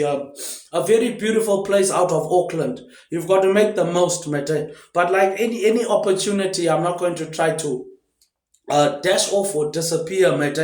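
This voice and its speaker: A man's voice: sits high, darkish tone. A man in a rambling, casual monologue, drifting between loosely connected thoughts and ending nearly every phrase with "mate, eh". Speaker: vlogger. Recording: roomy echo.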